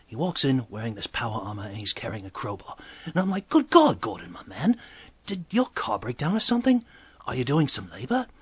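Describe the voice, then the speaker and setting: A man's voice: fairly low pitch, husky, no room sound, full character voice. A man doing a gossipy bartender. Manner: exclaims loudly, then drops to hushed asides. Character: chatty male bartender telling a bar story. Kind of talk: comedic character monologue.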